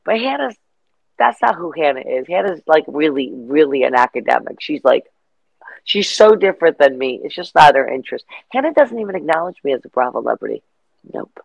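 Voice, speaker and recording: A woman's voice: deep voice, brisk, creaky, husky, no room sound, muffled recording. Middle-aged woman rambling thru stories on an interview, dry close mic. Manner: rambling, animated storytelling. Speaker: guest. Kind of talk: casual interview chat.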